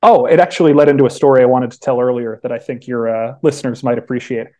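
Chatty young man with a mellow voice. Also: medium pitch, fairly even intonation, quick pace. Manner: chatty storyteller, frequent restarts and acted-out quotes. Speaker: podcast guest, sports beat writer. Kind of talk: casual chat.

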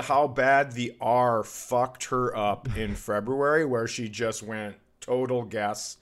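A man hosting a podcast, telling a crude, animated story about a rough comedy show and mocking hecklers in put-on voices. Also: medium pitch, takes it slowly, hardly any pauses. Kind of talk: casual storytelling chat.

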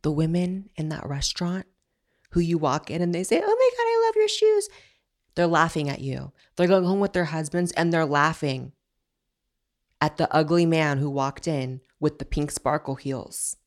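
A woman host delivering fired-up commentary in a fairly low voice, blunt and sarcastic throughout. She rants straight at her audience, with a faint clicking somewhere in the background. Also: fairly even intonation, moderate pace. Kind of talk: opinionated commentary.

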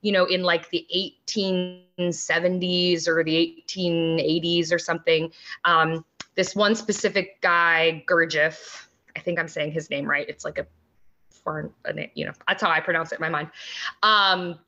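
A woman guest on a podcast, explaining things in casual chat with many pauses and ums. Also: fairly low pitch, steady tone, sharp tone, lo-fi sound.

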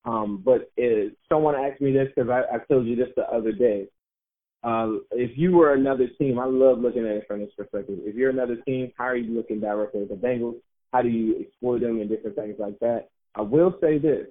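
A man's voice: mid-range voice, a little fast. A man co-hosting a sports podcast in loose, chatty, self-mocking talk, laughing easily. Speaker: podcast co-host. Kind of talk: casual sports podcast chat. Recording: tinny phone-like line.

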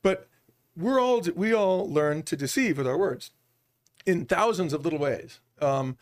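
A middle-aged man speaking as a business-leader guest on a podcast, an animated storyteller who acts out bits of quoted dialogue. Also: fairly high pitch, a little slow. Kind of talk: podcast interview.

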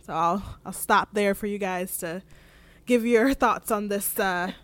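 A woman casually retelling a TV scene, quoting the characters in animated voices and laughing often. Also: mid-range voice, unhurried, no echo. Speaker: podcast co-host recapping an episode.

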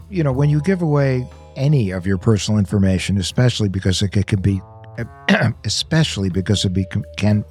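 A man co-hosting a podcast, with a husky, slightly breathy voice. Faint music sits under his measured, explanatory talk. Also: fairly low pitch, darkish tone. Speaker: podcast co-host. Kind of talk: casual chat.

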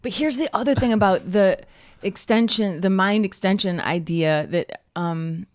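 A woman's voice: medium pitch, measured pace, dry recording, clean studio sound. A woman in her thirties co-hosting a podcast, chatting animatedly and telling stories, full of fillers and laughs. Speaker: podcast co-host. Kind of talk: casual chat.

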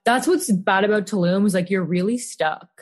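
A young woman as a guest in a casual chat, talking loosely with many fillers and trailing off quietly. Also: medium pitch, normal speed. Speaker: podcast guest.

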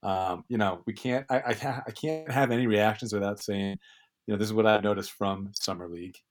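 Male co-host, lowish voice, loose rambling chat. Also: fairly quick. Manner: chatty, rambling with many restarts and hedges. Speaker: podcast co-host. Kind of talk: casual sports podcast chat.

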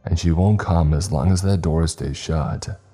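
A man's voice: a bass voice, unhurried, dark tone, slightly rough, faint music behind, heavily acted. A man voicing an amused, sardonic young man who scoffs and grumbles in a horror story. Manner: scoffing, sarcastic.

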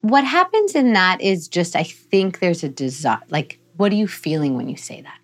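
A woman guest on a podcast, calmly explaining parenting ideas and modeling gentle phrases to use with a child. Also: on the low side, moderate pace. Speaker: psychologist guest. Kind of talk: podcast conversation, giving parenting advice.

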